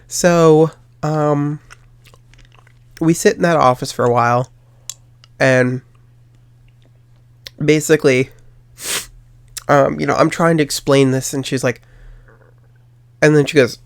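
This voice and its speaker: A man's voice: on the high side, fairly even intonation, slow pace, long pauses, clear, resonant tone, no echo. A young man hosting a podcast, telling a personal story in a casual, rambling way with lots of ums, acting out what others said. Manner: rambling, many ums, quotes others in dialogue. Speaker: podcast host.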